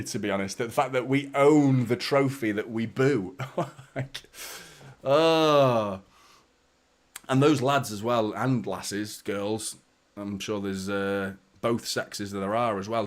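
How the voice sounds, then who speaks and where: Bloke streaming a footy watchalong, chatty, greets the chat, swears a lot, medium voice. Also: male voice, medium pitch, a little slow. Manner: chatty, greets viewers by name, swears casually. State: a little out of breath. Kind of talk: casual live stream chat.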